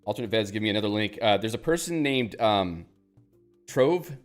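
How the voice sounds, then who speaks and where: A man's voice: fairly low pitch, expressive, normal speed, faint music behind. A man hosting a live stream in a casual, joking, self-deprecating way, reading viewer chat aloud.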